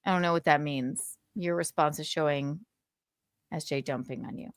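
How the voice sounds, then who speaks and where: A woman's voice: deep voice, normal speed, no room sound, clean studio sound. A woman hosting a livestream, chatting indignantly about a feud, swearing often and reading out messages. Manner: indignant, swears a lot, reads out texts. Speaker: livestream host. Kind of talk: casual gossip chat.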